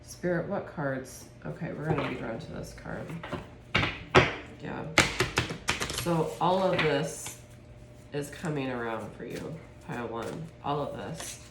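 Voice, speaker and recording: A woman giving a spiritual tarot reading to her viewers, speaking softly and with heartfelt emotion. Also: rumbling low, slow, roomy sound, heavy background noise. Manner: soft, heartfelt, gets emotional. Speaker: tarot reader.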